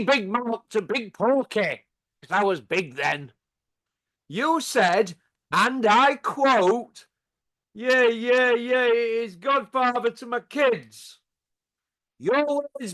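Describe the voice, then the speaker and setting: A channel host from Yorkshire, England, delivers a sarcastic, taunting rant straight to camera, packed with rhetorical tag questions. His voice is high and fairly bright.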